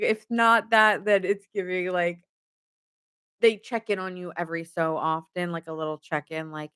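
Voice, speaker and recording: Reading tarot for her audience, this young woman speaks in a mid-range, somewhat bright voice at an even, moderate clip. Her talk is loose and chatty, broken by frequent giggles and sprinkled with "like" and "giving."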